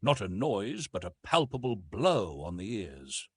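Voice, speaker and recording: An audiobook narrator, a man, tells a science fiction story with real drive. His tone is slightly husky, and his pitch leaps around as he builds the action. The sound is close and dry, with almost no room around it. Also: measured pace, dry recording. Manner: animated storytelling with lively rises in pitch.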